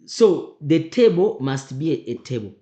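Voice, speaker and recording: A man's voice: fairly high pitch, very animated, unhurried, mellow. A man, a teacher talking students through an exam memo, emphatic, repeating his points and firing rhetorical questions at them. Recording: roomy echo.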